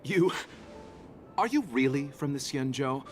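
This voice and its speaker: A man's voice: mid-range voice, expressive, a little slow, soft background music, natural voice. An actor playing a refined, courteous male merchant with an amused, polite way of speaking in a game cutscene. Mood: suave. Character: suave polite male merchant carrying a coffin. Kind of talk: video game cutscene dialogue.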